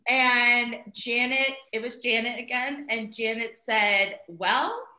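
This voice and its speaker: A middle-aged woman telling a story in casual conversation, animated and chatty, full of "like" and "um" fillers as she quotes herself. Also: fairly high pitch, takes it slowly. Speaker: interview guest, mother of the co-founder. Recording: roomy echo.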